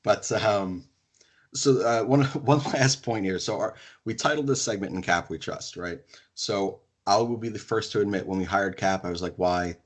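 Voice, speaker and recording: A young adult man hosting a podcast in casual sports chat, talking in an excited, emphatic way and swearing casually. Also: fairly low pitch, normal speed. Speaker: podcast host.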